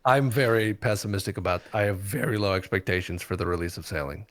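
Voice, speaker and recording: A man's voice: on the low side, fast, a bit bright. A man guesting on a casual podcast, blunt and sarcastic, swearing freely.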